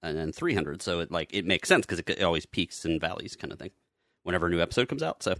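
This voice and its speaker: A man's voice: deep voice, big pitch swings, fast talker, fairly bright tone, no room sound, studio quality. A man co-hosting a podcast, talking loosely with lots of fillers and cracking jokes. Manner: joking, loose, filler-heavy. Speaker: podcast co-host. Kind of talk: casual podcast chat.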